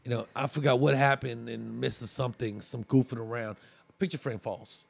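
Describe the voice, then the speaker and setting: Gravelly-voiced man telling a rambling story. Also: medium pitch, steady tone, moderate pace. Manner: rambling, many restarts. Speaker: podcast guest, comedian. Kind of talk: casual storytelling.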